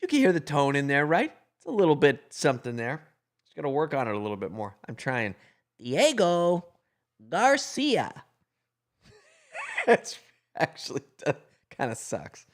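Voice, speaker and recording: A man's voice: medium pitch, very animated, moderate pace. A middle-aged man hosting a casual livestream, chatting and reading viewer comments in a rambling, easygoing way with joking asides.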